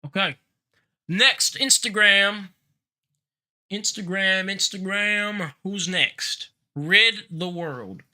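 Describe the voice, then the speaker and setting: A man's voice: sits high, drawn-out words, bright, forceful tone. A man hosting a live online Q&A in a brash, joking way, swearing casually as he talks. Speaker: host of a live Q&A.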